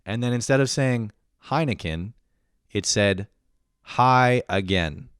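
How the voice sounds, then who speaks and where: A man's voice: medium pitch, a little slow, clear, resonant tone, dry recording, studio quality. A young man in a profane comedic rant, swearing constantly and sounding exasperated as he complains. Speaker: comedic vlogger.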